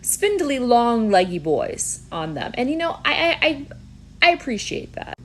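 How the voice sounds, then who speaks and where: A woman's voice: fairly high pitch, big pitch swings, a little slow, a bit bright. A young woman giving comedic reaction commentary, wry and playful, full of sarcastic asides. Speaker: YouTuber.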